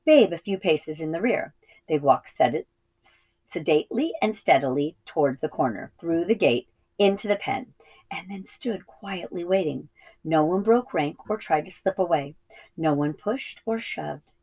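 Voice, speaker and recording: A woman reading a children's novel aloud as a teacher, steady with small slips and self-corrections. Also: deep voice, normal speed, low-quality recording. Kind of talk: storybook read-aloud.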